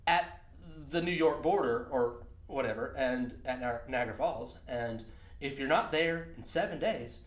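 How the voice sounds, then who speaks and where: A man's voice: fairly high pitch, animated, unhurried, reverberant. A man co-hosting a podcast, telling a profane road story in casual chat and laughing often. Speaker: podcast co-host.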